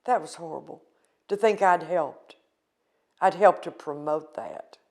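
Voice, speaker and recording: A woman's voice: sits low, a little slow. An older woman from the United States recounting a painful personal experience in an earnest, emotional interview.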